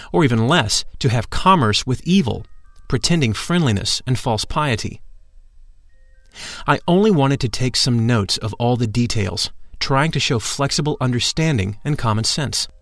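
A man narrating a first-person account in a measured, formal reading voice. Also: medium pitch, no room sound.

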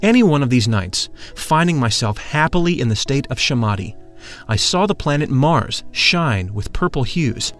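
A man giving a measured, solemn scripted narration. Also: mid-range voice, sing-song, fairly bright tone. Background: faint music.

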